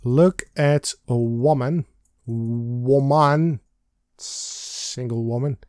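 A man's voice: mid-range voice, drawn-out words, darkish tone, no room sound, clean studio sound. A man hosting a let's play of an old adventure game, reading its text aloud in a playful, giggly way. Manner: playful, giggly, sings and reads lines with silly emphasis.

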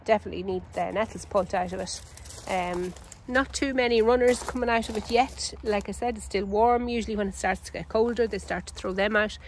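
A chatty Irish woman, a home gardener who runs her own channel, gives a casual, unhurried walkthrough of her vegetable garden outdoors, full of ums and self-corrections. Her mid-range voice keeps a fairly even intonation, and the low-quality recording carries slight background noise.

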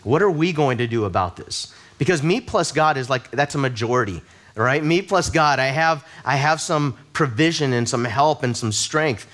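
Animated and fairly bright in tone, this pastor's mid-range voice moves at a normal speed as he delivers a sermon at a church service. His personal stories come across conversational and self-deprecating, and he tends to repeat words when starting a sentence.

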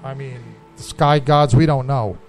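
A man's voice: medium pitch, steady tone, unhurried, a little mellow, faint music behind. A man hosting a radio show, bantering casually and wryly in a studio, often trailing off mid-sentence.

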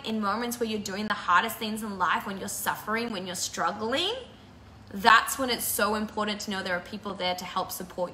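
A woman hosting a live video and talking casually about something that moved her deeply, laughing through tears and chatting freely. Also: pushed and bright, echoey room, slight background noise. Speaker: break-up counsellor and channel host.

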